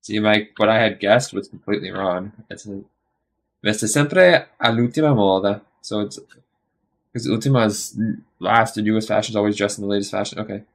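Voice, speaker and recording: Streaming himself studying, this man speaks with a lowish, flat delivery. He rambles through his thoughts out loud, fixing his own mistakes and working through phrases slowly, sound by sound.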